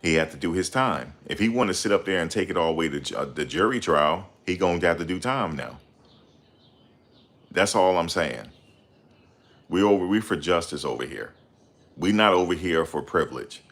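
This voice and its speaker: A man hosting a casual livestream, reading viewer comments and ranting heatedly with loud outbursts and repeated phrases. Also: low voice, animated, moderate pace. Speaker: livestream host.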